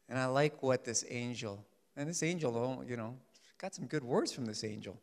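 A male pastor preaching a sermon, swinging from loud declarations to soft, quiet urging. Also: mid-range voice, normal speed. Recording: long hall reverb.

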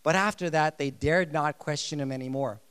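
A man preaching a sermon, emphatic and lively, repeating his key phrases. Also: a little high, normal speed, smooth. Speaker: pastor.

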